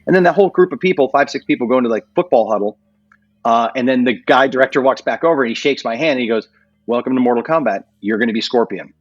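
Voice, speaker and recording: An American man with a slightly husky voice telling his story in a casual interview, acting out the quotes in lively voices. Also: racing, dry recording, muffled recording. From United States. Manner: animated, acts out quotes with jumps in pitch. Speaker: guest, martial artist and actor.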